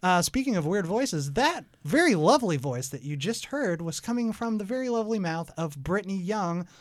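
A man's voice: high voice, expressive, moderate pace, no echo. A man hosting a podcast in a studio, chatting playfully with a guest and laughing often. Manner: playful, laughs often, reads ads jokily. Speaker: podcast host. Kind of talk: casual interview chat. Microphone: studio microphone.

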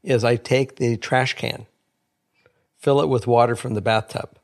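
A man guest co-hosting a casual chat, joking and halting with restarts. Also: medium pitch, steady tone, gravelly. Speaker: guest co-host.

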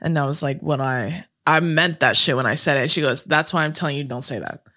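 A young woman telling a story in casual chat, animated, swearing freely and laughing often. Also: sits low, fairly quick.

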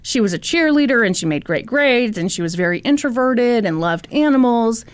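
Wry high-voiced woman storyteller. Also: expressive, normal speed, clear, resonant tone. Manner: wry, sarcastic narration. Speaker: podcast host. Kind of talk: comedic storytelling.

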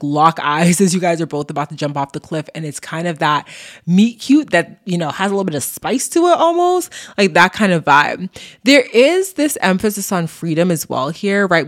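A woman hosting an astrology podcast, talking through the month's forecast in a casual, chatty way with lots of fillers and the odd laugh at herself. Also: low-pitched.

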